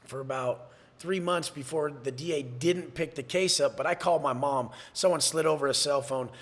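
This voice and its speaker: A man's voice: fairly high pitch, moderate pace. A man from San Diego telling his life story bluntly as a podcast guest, cursing freely and acting out the voices of others. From San Diego, USA. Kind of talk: candid storytelling interview.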